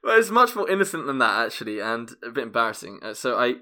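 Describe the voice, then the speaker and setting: Casting: a male co-host from England with a bright tone and a mid-range voice, self-deprecating and quick to laugh. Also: medium pitch, big pitch swings. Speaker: podcast co-host. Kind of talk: casual comedic chat.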